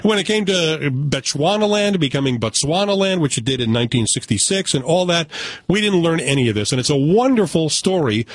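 An animated American man talks through a film review in a casual, opinionated way. His voice is somewhat husky and sits a little high for a man. The sound is dry and close, with no room echo. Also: brisk. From United States. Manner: animated, opinionated, joking asides. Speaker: film critic.

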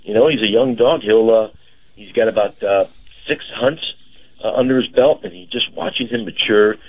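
A man co-hosting a casual radio show. He talks in a halting, chatty way with many fillers. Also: fairly low pitch. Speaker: radio co-host and car dealer. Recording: dull lo-fi radio broadcast.

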